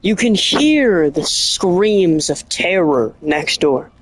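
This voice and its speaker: An excitable streamer rambling about a game, often stopping mid-thought to correct the story. The voice is middle-pitched and animated. The sound is dry, with little room echo. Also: slow pace. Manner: rambling, excitable, keeps restarting and correcting itself; animated storytelling with bursts of laughter. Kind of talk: casual streaming chat.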